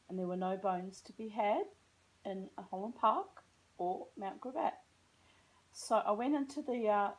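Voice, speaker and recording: A woman's voice: medium pitch, rough recording. An Australian woman telling a rambling, self-mocking story in a casual vlog, chatting along and drifting off on tangents. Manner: chatty, tangential, self-mocking, slips into put-on American voices. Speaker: vlogger.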